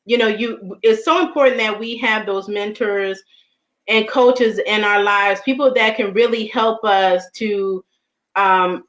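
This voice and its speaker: A woman's voice: medium pitch, steady tone, a little slow, fairly bright tone, poor audio. A woman hosting an interview over a video call, affirming her guest and talking with a few hesitant fillers. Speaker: host. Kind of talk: casual interview conversation.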